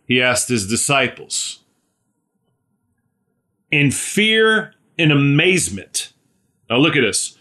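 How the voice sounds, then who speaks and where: A man's voice: medium pitch, big pitch swings, slow pace, pauses often, sharp tone. A man preaching a conversational sermon, often asking "right?" and calling on listeners by name.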